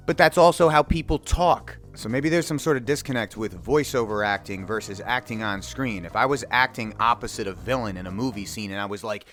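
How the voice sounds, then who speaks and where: A man giving a casual, profane commentary rant, animated and mocking. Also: mid-range voice, a little fast, faint music behind. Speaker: video commentator.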